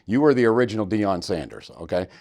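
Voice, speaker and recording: A man hosting a podcast, telling stories in an animated, joking way. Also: fairly low pitch, quick pace. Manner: animated, jokey storyteller. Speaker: podcast host. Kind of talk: storytelling interview.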